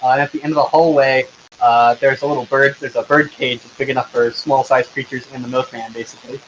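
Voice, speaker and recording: A man's voice: mid-range voice, steady tone, quick pace, a bit bright, highs cut off, a little hiss or hum. A man running a tabletop game online, narrating loosely with lots of filler words. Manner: loose, rambling, with many fillers. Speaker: game master.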